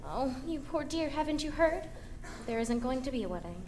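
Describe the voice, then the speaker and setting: A woman's voice: high voice, big pitch swings, normal speed, darkish tone, a little hiss or hum. A woman playing a dramatic, flustered young starlet bride in a stage musical, flighty and theatrical.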